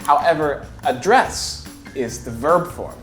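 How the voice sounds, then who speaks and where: A man with an American accent, co-hosting and answering viewer questions about English in a relaxed, easygoing way. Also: on the high side, takes it slowly. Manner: relaxed, easygoing explanations with frequent laughs. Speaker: English teacher, co-host. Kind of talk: casual teaching chat answering viewer questions. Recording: echoey studio with music behind.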